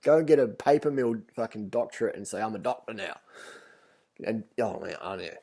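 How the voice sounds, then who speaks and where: A man's voice: lowish voice, expressive, brisk, creaky, mellow. A man telling a story in a blunt, rambling, profane vlog rant. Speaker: vlogger.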